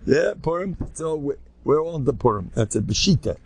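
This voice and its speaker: An older man, a rabbi, telling stories to a live audience in an animated, joking way, acting out the people he quotes and mixing in Hebrew and Yiddish terms. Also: on the high side, a little fast, no room sound. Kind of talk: storytelling talk to a live audience.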